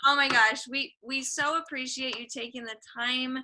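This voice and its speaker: A young woman hosting a podcast, enthusiastic and quick to laugh. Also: high voice, steady tone, bright, forceful tone, low-quality recording. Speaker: podcast host. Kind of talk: casual interview.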